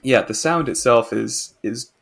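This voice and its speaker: A man, co-hosting a podcast and excitedly presenting a music artist in casual chat. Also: mid-range voice, a little slow, vocal fry. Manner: enthusiastic, rambling with restarts.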